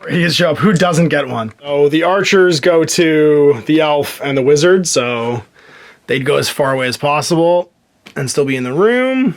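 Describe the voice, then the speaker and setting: Lively man narrating a board game. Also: on the high side. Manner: lively, counting moves aloud, chuckling to himself. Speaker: host playing a solo board game. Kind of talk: casual game commentary.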